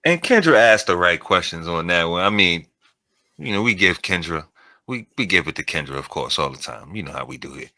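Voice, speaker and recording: A man's voice: sits low, animated, fairly quick, bright, forceful tone, no room sound. A man co-hosting a reaction show, giving laid-back, dry commentary. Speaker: co-host reacting to clips.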